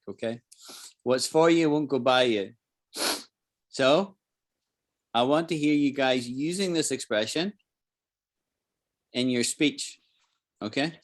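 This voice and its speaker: A middle-aged man with a Scottish accent teaches an online English class at a steady middle pitch. He explains patiently and repeats key phrases. He keeps checking that his students follow him. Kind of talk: live online English lesson.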